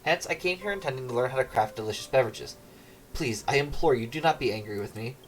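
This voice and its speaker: A man's voice: medium pitch, lively intonation, quick pace, close to an everyday voice, rough recording. A man reading an adoring young noble lady from a game, pleading and admiring.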